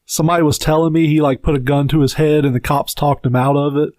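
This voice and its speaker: A man's voice: a little high, steady tone, fast, darkish tone, no room sound. A man with a Southern US accent co-hosting a podcast, giving blunt, profane opinions in casual chat. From Southern United States. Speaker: podcast co-host.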